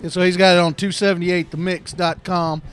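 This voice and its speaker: A man doing color commentary at a high school football game, wry and teasing, often stopping to restart. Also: level tone, a little fast, fairly bright tone, faint music behind.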